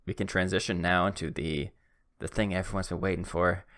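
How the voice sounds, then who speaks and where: A man's voice: deep voice, fairly even intonation, brisk, fairly bright tone. A young man hosting a podcast, telling a story casually with self-deprecating humor and acting out both sides of a conversation. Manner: self-deprecating, acts out both sides of the exchange, stumbles and restarts. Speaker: podcast host.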